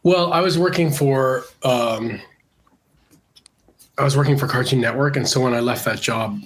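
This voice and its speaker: A middle-aged man from Canada, an illustrator with a cold, talking casually in an interview, relaxed and hesitant with many fillers. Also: medium pitch, moderate pace, a little hiss or hum. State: congested from a cold. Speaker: illustrator guest.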